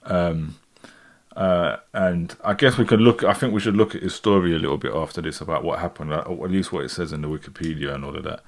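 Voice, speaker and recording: Laid-back man, low voice. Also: fast talker. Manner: laid-back, slangy, often adds "do you know what I'm saying". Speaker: host of a music reaction livestream. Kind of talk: casual live reaction commentary.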